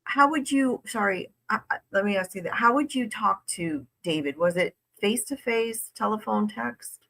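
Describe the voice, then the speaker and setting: A woman hosting an interview, asking short questions and reacting with quick exclamations. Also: mid-range voice, pushed and bright. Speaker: interview host. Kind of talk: casual conversational interview.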